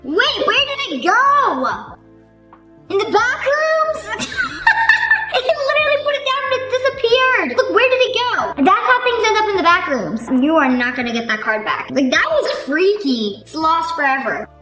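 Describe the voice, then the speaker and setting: A woman hosting a reaction video, making animated, sarcastic jokes in a casual commentary style. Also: very high voice, moderate pace. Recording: roomy echo with faint music.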